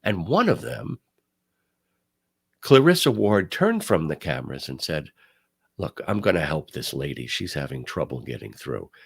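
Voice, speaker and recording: An older man hosting a talk show, telling stories and giving commentary in an emphatic, animated way. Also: extremely low pitch, moderate pace, creaky, husky. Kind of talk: casual commentary.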